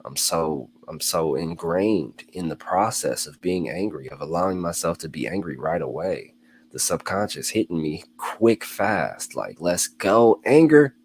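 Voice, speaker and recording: A man's voice: a bass voice, expressive, a little slow, slight background noise. A man hosting a motivational talk, speaking casually, repeating phrases for emphasis and calling his listeners y'all. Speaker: host.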